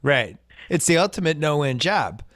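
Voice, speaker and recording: A man's voice: on the high side, big pitch swings, fairly bright tone, dry recording, clean studio sound. Casual man chatting sports. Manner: chatty, quick jokes and voice bits. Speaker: podcast host.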